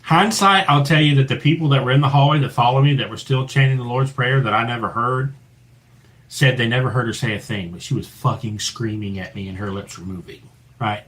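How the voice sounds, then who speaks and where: A man tells a ghost story in a loose, profane chat, and his voice swings between lively bursts and a low hush for the scary parts. His pitch sits in the middle for a man. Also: fairly quick, poor audio. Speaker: paranormal investigator guest. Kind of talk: casual storytelling.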